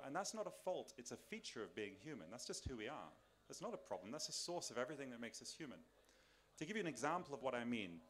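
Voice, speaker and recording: A man's voice: medium pitch, a bit bright. A man giving a public lecture to an audience in a large tent, talking in a conversational way with restarts and rhetorical questions, and moving around as he speaks. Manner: moves around while speaking. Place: large tent at a summer camp. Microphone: filmed by a camera.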